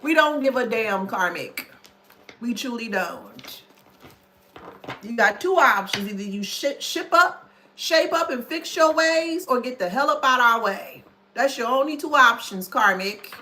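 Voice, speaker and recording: A woman's voice: on the high side, animated, measured pace, bright, forceful tone, a little hiss or hum. A woman commentator in a casual monologue, blunt and scornful, who spells out words letter by letter. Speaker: online commentator.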